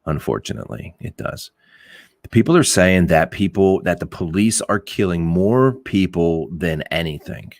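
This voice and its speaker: Middle-aged male podcast host, very low voice, blunt and rambling, swears freely, dry close recording. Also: lively intonation, moderate pace, no echo. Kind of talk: casual opinionated talk.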